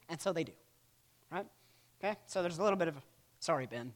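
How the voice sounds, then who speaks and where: A man teaches a church history class in a casual lecture style, his voice on the high side with lively intonation. He talks quickly but pauses often, peppers his lines with "right?", and acts out quotes in playful voices.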